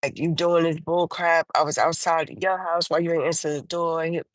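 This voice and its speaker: A livestream host shares a personal testimony in casual talk, her tone steady, on poor audio with no room sound. She halts often, restarts sentences, and uses many fillers, raising her voice to act out her own quoted words.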